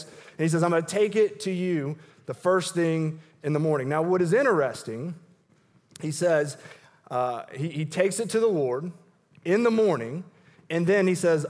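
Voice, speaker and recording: Pastor, male, higher-pitched voice, earnest conversational sermon delivery with a long hall reverb. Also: normal speed. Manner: earnest, conversational preaching with frequent restarts. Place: church sanctuary.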